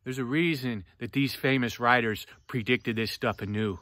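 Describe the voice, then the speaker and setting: Fired-up ranting man, bright forceful voice. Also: normal speed, dry recording. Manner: fervent, preachy, swings between loud and low. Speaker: book reviewer. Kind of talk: impassioned vlog rant.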